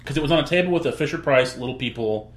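Fast-talking lively man in an echoey room. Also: medium pitch. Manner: fast, eager, interjects, acts out quotes. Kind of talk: casual storytelling chat.

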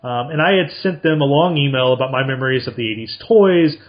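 A man's voice: mid-range voice, lively intonation, brisk, muffled recording. A man in his thirties from central Illinois, hosting a podcast and telling a long story in a chatty, rambling way with lots of fillers and restarts. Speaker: podcast host answering listener mail. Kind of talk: casual storytelling.

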